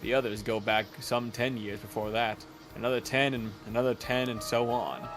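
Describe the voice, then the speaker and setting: A man's voice: medium pitch, steady tone, normal speed, close to an everyday voice. A man voicing an earnest, diligent young male assistant in a formal, precise manner, reading game dialogue over game music. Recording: game music playing behind.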